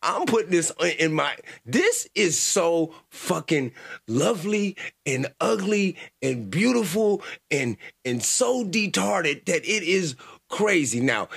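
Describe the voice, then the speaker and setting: A man's voice: sits high, gravelly, breathy edge. A man hosting a reaction show, talking in casual, profane, slangy commentary. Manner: animated, slangy, swears freely.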